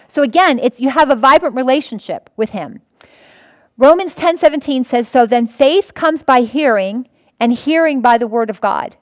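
A woman's voice: high voice, dry recording. A woman pastor teaching a sermon in an earnest way, often restarting and repeating her points.

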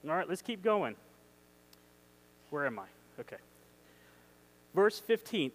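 A man with a high voice preaches a sermon with eager energy, quick to get carried away. He reads scripture aloud and keeps turning to his listeners with questions. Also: rough recording. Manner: excitable, emphatic, asks the audience questions.

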